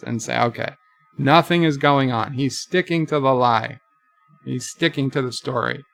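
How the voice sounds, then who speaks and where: Slow gravelly guy recapping a show, dry close mic, faint music behind. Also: medium pitch, fairly bright tone, no echo. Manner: slow, retelling dialogue with occasional comments. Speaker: video reviewer. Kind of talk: live watch-along recap.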